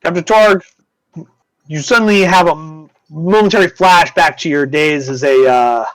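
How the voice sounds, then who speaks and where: A man's voice: a little high, moderate pace, dry recording. A man running a tabletop game as game master, narrating in a rambling way and often correcting himself.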